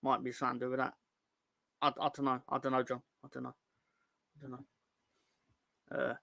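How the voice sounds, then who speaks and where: A mid-range, fairly even voice, creaky and fairly bright, moves at a moderate pace with frequent pauses and no room sound. The man hosts a chatty football fan livestream, reading viewer comments in goofy voices, rambling and joking, often tripping over words and restarting.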